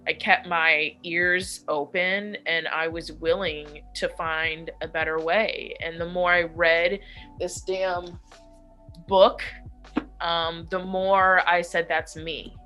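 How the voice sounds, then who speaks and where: Blunt, frank woman with a bright voice. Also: on the low side, little pitch movement, slow pace, soft background music. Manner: blunt and frank, with frequent swearing and fillers. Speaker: interviewee sharing a recovery story. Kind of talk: candid personal storytelling.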